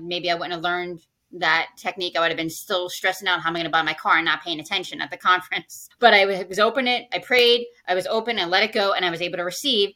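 A woman's voice: medium pitch, bright, forceful tone. A woman who works as a financial planner, a podcast guest telling a personal story in casual conversation and acting out her own past lines.

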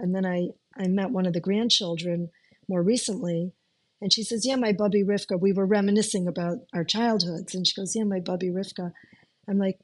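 A middle-aged woman from the United States telling her life story in an interview, speaking conversationally and emotionally, with many restarts and fillers. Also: medium pitch.

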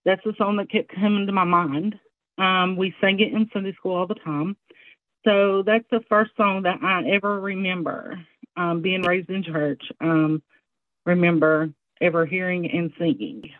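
A woman's voice: fairly low pitch, fairly even intonation, measured pace, dry recording. Southern woman on a tinny line. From American South. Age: 40s. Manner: candid, laughs easily. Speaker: interview guest. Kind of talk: casual conversation. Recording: tinny phone-like line, dry.

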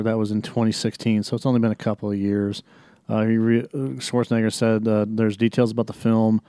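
A man's voice: lowish voice, mellow, clean tone, dry recording, studio quality. A man hosting a podcast, reviewing a film in a rambling, hesitant, profane way. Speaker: podcast host.

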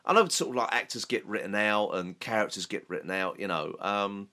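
A man's voice: lowish voice, a little fast, bright, forceful tone. Rambling male podcast host. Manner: rambling, hedging with restarts and "sort of". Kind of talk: casual chat.

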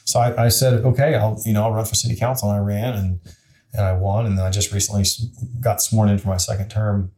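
A man's voice: fairly low pitch, level tone, quick pace, mellow. Plainspoken man telling a story. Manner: earnest, plainspoken, frequent restarts. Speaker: interview guest, city council member. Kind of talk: candid conversational storytelling.

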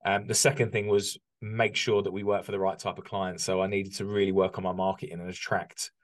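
Low-voiced reflective British man. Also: level tone, fairly quick. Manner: reflective, many restarts and ums. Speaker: podcast guest, business owner. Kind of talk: candid conversational interview.

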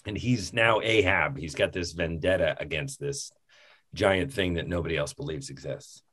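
A man casually recapping a film on a podcast, rambling and animated, laughing often as he talks. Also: sits low, normal speed. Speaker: podcast co-host.

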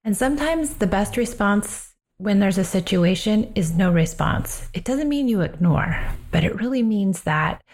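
A woman hosting a solo parenting podcast, talking in a calm, earnest and reflective way and slowing down on key phrases. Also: mid-range voice. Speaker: parenting coach and podcast host.

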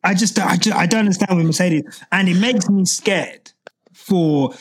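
A woman co-hosting a casual podcast, animated and swearing freely as she rants. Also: on the low side, normal speed, breathy edge. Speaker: podcast co-host.

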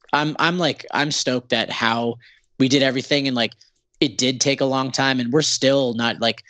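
A man's voice: medium pitch, bright, forceful tone, no room sound. A Canadian man, a band's singer, talking as a podcast guest in a sarcastic, profane, rambling way with lots of fillers. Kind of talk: casual podcast interview.

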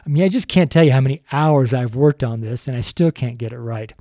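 Older guy preaching into a mic, mellow voice, stumbles and laughs at himself, dry sound. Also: medium pitch, fairly quick, no room sound. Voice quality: stumbling, self-deprecating, chuckling often. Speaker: street preacher. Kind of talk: recorded sermon show. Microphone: studio microphone.

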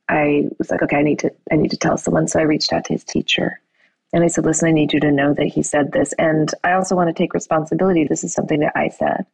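Casting: middle-aged woman, low husky voice, chatty storyteller, dry close sound. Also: no room sound, poor audio. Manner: animated retelling with quoted dialogue, fillers and restarts. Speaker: parent telling a story. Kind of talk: conversational storytelling.

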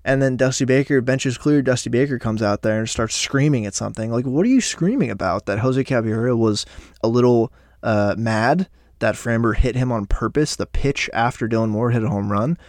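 A man casually recapping a week of baseball as a fan, animated and swearing freely, on a close microphone. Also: mid-range voice, fairly quick, dry recording. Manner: animated, profane, fan banter. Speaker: sports podcaster.

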